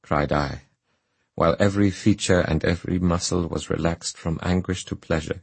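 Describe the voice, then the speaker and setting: Male audiobook narrator, solemn first-person reading, low-pitched, slightly husky, dry close sound. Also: fairly even intonation, normal speed, no echo.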